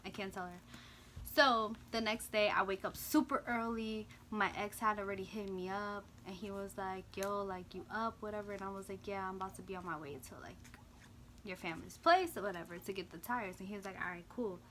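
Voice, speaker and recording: A young woman casually telling a storytime vlog, swinging from loud, high-pitched reenactments to quiet mumbling. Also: brisk, slight background noise. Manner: animated, swings into loud high-pitched retellings of quoted lines; drops to quiet, low mumbling in reflective parts. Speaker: vlogger.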